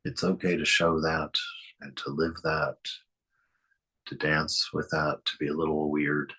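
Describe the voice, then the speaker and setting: A man leads a reflective spiritual talk in a deep, husky voice. He speaks gently and poses question after question to his listeners, often breaking into a soft chuckle. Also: little pitch movement, a little slow. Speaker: spiritual teacher giving commentary.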